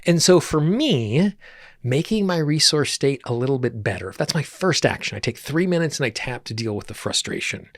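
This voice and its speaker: A man's voice: medium pitch, a bit bright, no echo, clean studio sound. A middle-aged man coaching on tapping, explaining his ideas in an earnest teaching monologue with stressed key words.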